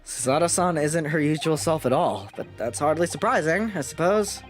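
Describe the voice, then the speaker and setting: A woman's voice: low-pitched, expressive, moderate pace, faint music behind. A woman voicing an earnest young male defense lawyer in a game, reasoning aloud in plain speech.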